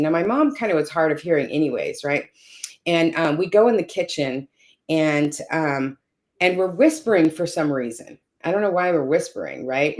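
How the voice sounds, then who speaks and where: Low-voiced woman telling a caregiving story. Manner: frequent "you know" and "right?" tags. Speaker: caregiver sharing her story. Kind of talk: personal storytelling in conversation.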